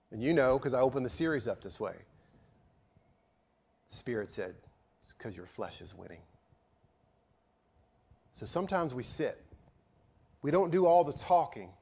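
Storytelling pastor preaching a sermon. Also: male voice, medium pitch. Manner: storytelling, sarcastic, swings from loud to hushed.

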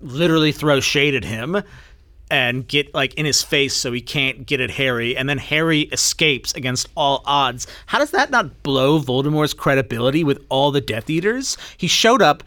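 A man co-hosting a podcast in casual, excitable chat, sometimes swearing. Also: medium pitch, moderate pace. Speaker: podcast co-host.

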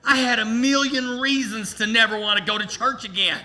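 A man preaching a sermon as pastor, telling a humorous personal story to his congregation in an animated way. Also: very high-pitched, normal speed.

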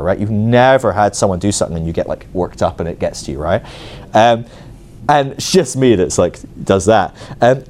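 Male preacher, storytelling sermon, quick and animated, mellow tone, self-mocking. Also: mid-range voice. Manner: animated, self-mocking, acts out his own angry inner voice; many fillers like "like" and "right?". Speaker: ministry school teacher.

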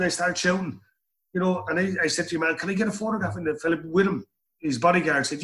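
A middle-aged man with an Irish accent tells a long anecdote in an interview. He rambles and circles back on his own words, in a voice that sits a little high for a man. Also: fairly even intonation, quick pace, fairly bright tone. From Ireland. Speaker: guest. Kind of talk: storytelling interview.

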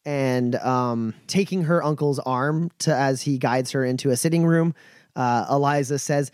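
A man's voice: mid-range voice, measured pace, a little mellow, clean tone, no echo. Dry-sounding man narrating a tabletop game. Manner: descriptive narration full of uh and restarts. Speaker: game master.

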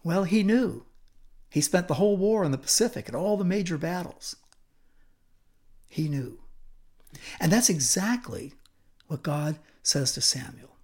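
A male preacher retells a story during a sermon in an animated way. He adds humorous asides and lets his delivery swing between hushed and emphatic. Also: on the high side, normal speed.

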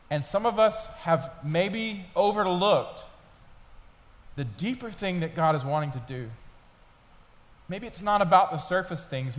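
Man preaching in a reverberant church. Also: on the high side. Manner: conversational storytelling preacher, building intensity. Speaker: pastor. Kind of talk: sermon. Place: church sanctuary. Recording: long hall reverb.

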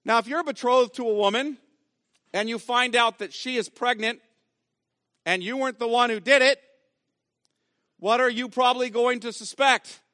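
A man's voice: very high voice, steady tone, moderate pace, pauses often, pushed and bright, dry recording, clean studio sound. A man preaching a sermon as pastor, emphatic and repeating key phrases for weight.

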